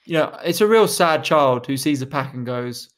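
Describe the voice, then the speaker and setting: A man's voice: mid-range voice, animated, moderate pace. A young man co-hosting a podcast, chatting casually, joking and swearing as he acts out little scenes. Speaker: podcast co-host. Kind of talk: casual chat.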